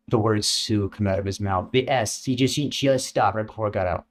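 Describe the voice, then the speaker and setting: Guy telling his own story, stumbles and repeats himself, acts out other people's lines. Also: on the low side. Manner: halting, repeats words, lively quoting voices. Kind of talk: casual storytelling.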